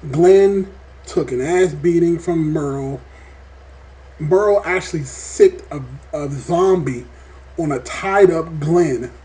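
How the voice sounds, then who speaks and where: A man reviewing a TV episode in a casual vlog, talking in an animated, rambling way and swearing often. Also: a little high, takes it slowly. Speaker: TV show reviewer.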